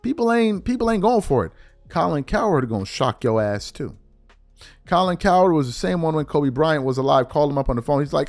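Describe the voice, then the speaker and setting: A man hosting a podcast, giving a mocking commentary monologue that swings between hushed asides and loud outbursts. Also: on the high side, animated, fairly quick, soft background music. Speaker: podcast host.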